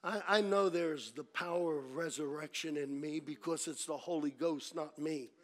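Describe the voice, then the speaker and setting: A man preaching a sermon as pastor, telling a story dramatically, dropping to a hush and then rising to shouts. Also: fairly high pitch, moderate pace.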